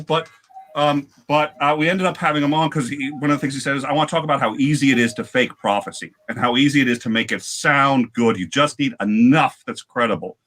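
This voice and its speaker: Animated man with a bright voice. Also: mid-range voice. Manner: animated, halting with many restarts. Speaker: guest on a livestream panel. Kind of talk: casual storytelling chat.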